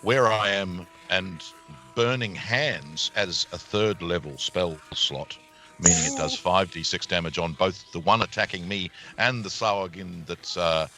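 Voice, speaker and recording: A man's voice: low voice, a little slow, pushed and bright. A man playing in a tabletop game, talking in a hesitant way with frequent restarts. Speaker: player. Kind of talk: casual tabletop play.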